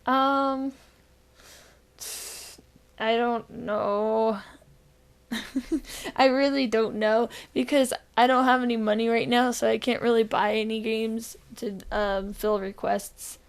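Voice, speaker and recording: Tired gravelly-voiced woman podcast co-host. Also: on the high side, slow pace, pauses often. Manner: tired, deadpan delivery; rambling with frequent fillers and laughs. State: recovering from illness. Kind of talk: casual podcast chat.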